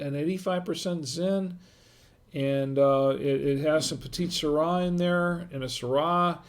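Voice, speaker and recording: Slightly high and a little mellow, his voice carries a relaxed wine tasting livestream. He muses aloud over viewer comments, rambling along in an easygoing, chatty manner.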